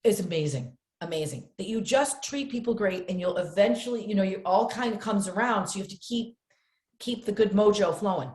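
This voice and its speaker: A middle-aged woman from upstate New York tells stories from her acting career with lots of energy. She slips into the voices of the people she quotes and repeats words for emphasis. Her voice sits at a middle pitch and rings a little in a roomy space. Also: a little fast, a little mellow. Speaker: actress and filmmaker, podcast guest. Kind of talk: animated storytelling in conversation. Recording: roomy echo.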